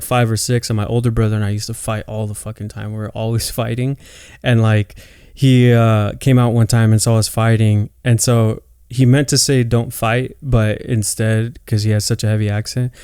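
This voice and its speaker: A man's voice: on the low side, warm tone, clear, resonant tone, dry recording, studio quality. A man in his late twenties, co-hosting a podcast, telling family stories loosely and swearing freely. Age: 20s. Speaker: podcast co-host. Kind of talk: casual chat.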